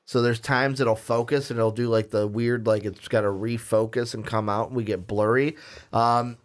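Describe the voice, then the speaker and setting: A man hosting a casual podcast chat, excitable and rambling with lots of fillers. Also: mid-range voice, normal speed. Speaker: podcast host.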